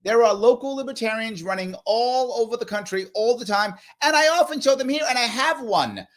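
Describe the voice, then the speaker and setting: A man with a New York accent hosting a casual live chat show, talking in an animated, emphatic way. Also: very high voice, fairly quick. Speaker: host.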